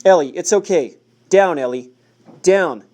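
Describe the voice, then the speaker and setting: A man's voice: fairly high pitch, normal speed, a little mellow, natural voice. A man voicing a big, out-of-shape police officer who speaks in a breathless, urgent, commanding way. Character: winded burly male police officer.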